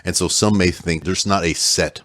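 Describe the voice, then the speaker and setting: A man's voice: deep voice, steady tone, moderate pace, a bit bright, dry recording, studio quality. A man co-hosting a casual podcast, explaining with playful jokes and sound effects. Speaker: podcast co-host.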